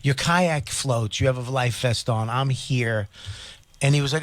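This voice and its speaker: A man's voice: mid-range voice, normal speed, no echo. Dry-sounding, blunt male co-host. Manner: blunt, swears freely while telling family stories. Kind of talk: casual comedic chat.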